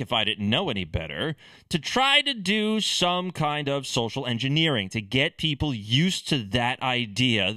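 A man's voice: on the high side, bright, forceful tone, dry recording. A man giving sarcastic, opinionated political commentary in a ranting manner.

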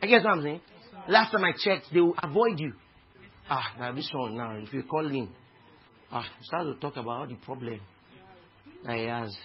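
A Nigerian man preaching a sermon with passion, swinging from hushed tones to shouts. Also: mid-range voice, lively intonation, normal speed, pauses often. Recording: dull lo-fi recording with faint noise.

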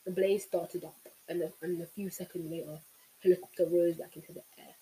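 Mellow-voiced audiobook reader. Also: mid-range voice, a little fast, low-quality recording. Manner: steady narration with small slips. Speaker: audiobook reader, channel host. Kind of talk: reading a novel aloud.

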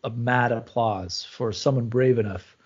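A man's voice: medium pitch, measured pace, breathy edge. A man in his thirties, a father co-hosting a podcast, talking casually with lots of stops, restarts and fillers. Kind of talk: casual chat. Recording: slightly muffled recording.

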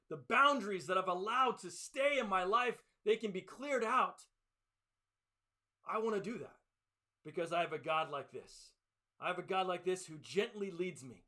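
A man preaching a sermon to his church, swinging from loud, urgent passages to hushed, tender ones. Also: high-pitched. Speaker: pastor.

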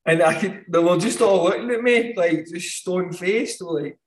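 A man, a podcast guest telling animated anecdotes and laughing often. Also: high-pitched, moderate pace, a little hiss or hum, poor audio. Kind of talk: casual storytelling.

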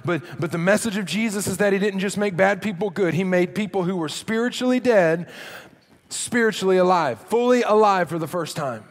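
A man preaching a sermon as a pastor, animated, dropping low and quiet for emphasis. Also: brisk. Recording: long hall reverb.

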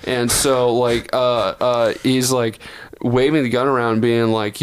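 A young man from Texas tells a story on his podcast, swearing freely and circling back to fix his words. His voice is smooth and clear, sitting at an average pitch for a man. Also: flat delivery, unhurried. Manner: rambling, profane, self-correcting. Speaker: podcast co-host. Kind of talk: casual storytelling.

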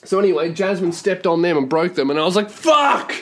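A man's voice: a little high, quick pace. A man with an Australian accent hosting a solo podcast, ranting profanely and exasperated, recorded in a small cramped home studio. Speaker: podcast host.

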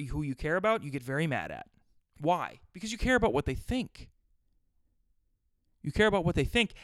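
A man's voice: fairly high pitch, fairly bright tone, no room sound, clean studio sound. A man hosting his own podcast, riffing crudely and profanely in a rambling solo rant. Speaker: podcast host.

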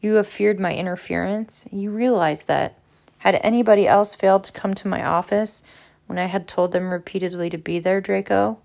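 A woman reading aloud as a cold, stern male professor, clipped and low. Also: steady tone, normal speed, gravelly, a little mellow, close to an everyday voice.

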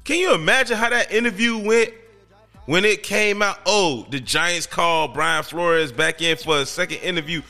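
Excitable bright-voiced male podcast host. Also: high voice, moderate pace, soft background music. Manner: excitable, slangy, emphatic rants. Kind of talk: casual solo podcast commentary.

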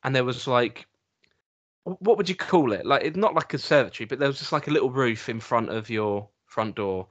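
A man, co-hosting a casual podcast and telling a rambling story with halting restarts. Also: mid-range voice, expressive. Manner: rambling, halting anecdote with laughs. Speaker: podcast co-host. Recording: dull lo-fi recording.

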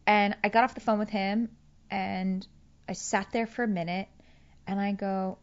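A woman's voice: mid-range voice, little pitch movement, moderate pace, lo-fi sound. A woman candidly recounting a fight with her partner, acting out both sides of the conversations. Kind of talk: candid personal storytelling.

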